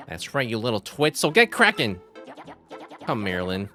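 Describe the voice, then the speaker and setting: A man's voice: medium pitch, sing-song, moderate pace, bright, forceful tone, soft background music. A man voicing a scheming, cruel old female witch from a game, sneering and berating. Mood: scornful. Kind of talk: reading game dialogue aloud.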